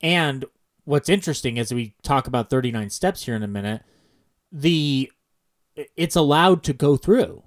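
A man's voice: medium pitch, expressive, normal speed. An American man co-hosting a casual film podcast, thinking aloud in long digressive sentences full of restarts. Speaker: podcast co-host.

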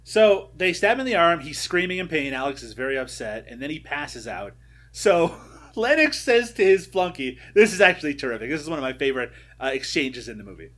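A man's voice: on the high side, sing-song, fairly quick, fairly bright tone. A man hosting a casual podcast, animatedly retelling film scenes and laughing often. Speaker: podcast host. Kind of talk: casual film recap chat.

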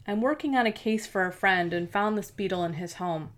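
A woman's voice: mid-range voice, fairly quick, close to an everyday voice. A woman voicing a guarded young woman investigator in an audiobook, speaking tersely and warily.

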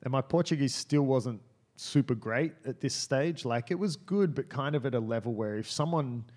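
A man's voice: medium pitch, moderate pace, darkish tone. A man telling a story in casual podcast chat, rambling with many fillers and restarts.

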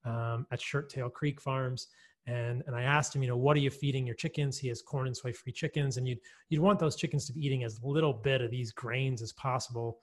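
A man's voice: medium pitch, fairly even intonation, fairly quick. A man who is a guest expert on a podcast, explaining at length in an enthusiastic, chatty way. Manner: enthusiastic, explanatory, with frequent fillers and laughs. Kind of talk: conversational podcast interview.

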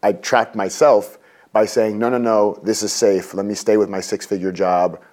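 A man in his forties, a guest on an interview show, telling a personal story in a lively way and acting out what people said. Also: moderate pace. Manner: lively, acts out quotes with raised pitch.

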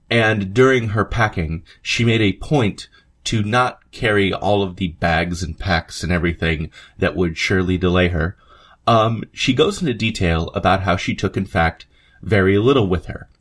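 A man's voice: deep voice, fairly bright tone. A man hosting a podcast, narrating a history episode in a conversational way, with asides and fillers. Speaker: podcast host. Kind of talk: scripted history narration with read quotes.

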